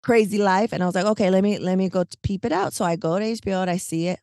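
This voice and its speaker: A woman co-hosting a podcast, telling a long story in casual, animated, slangy chat, full of "like" and "right?". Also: mid-range voice, rapid-fire, no room sound, clean studio sound. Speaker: podcast co-host.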